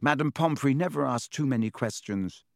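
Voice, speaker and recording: A man voicing a steady teenage schoolboy who speaks quickly and reassuringly. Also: mid-range voice, gravelly, no room sound, clean studio sound, lightly acted.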